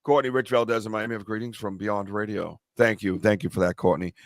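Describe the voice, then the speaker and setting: A man's voice: on the low side, steady tone, a little fast, dry recording, clean studio sound. A man hosting a podcast from a small room tucked in a corner of his home, chatting casually, teasing his guests and laughing often. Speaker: podcast host. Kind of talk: casual joking podcast chat.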